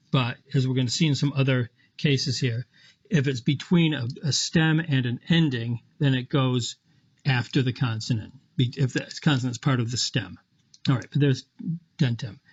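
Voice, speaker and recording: With dull audio, a man's mellow, medium-pitched voice guides viewers through a Latin example in a screen lecture. He explains patiently, one step at a time, making small self-corrections as he goes.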